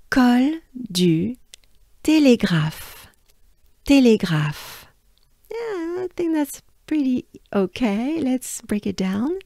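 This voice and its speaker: French lady drilling pronunciation really slow, mellow voice, dry close sound. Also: medium pitch, no room sound. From France. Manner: patient, drills sounds syllable by syllable. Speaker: pronunciation coach.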